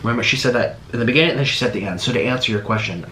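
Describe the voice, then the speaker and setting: A man's voice: mid-range voice, very fast, sharp tone. A man reacting to a video in casual commentary, rambling and restarting his sentences with sarcastic asides. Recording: echoey room with faint noise.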